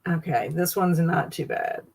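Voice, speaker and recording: A woman's voice: low-pitched, a little slow, gravelly, a little mellow, slightly rough, low-quality recording. A woman hosting a casual livestream, reacting with amused, laughing commentary. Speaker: livestream host.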